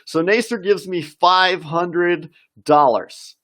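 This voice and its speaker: A man's voice: high-pitched, slow, a bit bright. A man teaching an English vocabulary lesson on a live stream, reading viewer comments aloud and encouraging them.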